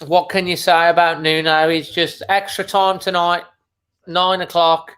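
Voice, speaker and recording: A middle-aged man hosts a live football fan stream. His voice sits a little high and comes across bright and forward, but his pitch barely moves. He talks casually and emotionally, holding back tears and repeating phrases. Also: flat delivery, measured pace. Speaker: fan channel host. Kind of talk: live match watchalong commentary.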